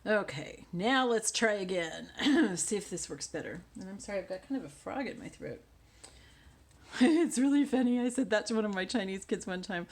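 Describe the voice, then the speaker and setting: A woman hosts a casual crafting tutorial, chatting and thinking out loud as she works and often sinking into quiet mutters. Her voice is medium-pitched with lively intonation and a normal pace.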